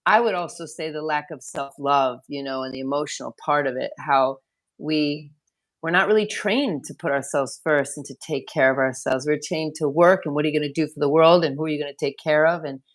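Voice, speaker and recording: Earnest female center director with a deep, low voice, rambling and repeating herself in an interview. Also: fairly quick. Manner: earnest, rambling, repeats words mid-thought. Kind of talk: conversational interview.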